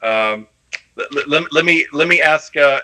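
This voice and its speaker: A man hosting an online panel, halting and repeating words as he hands over to guests. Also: on the high side, pushed and bright, rough recording. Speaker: host.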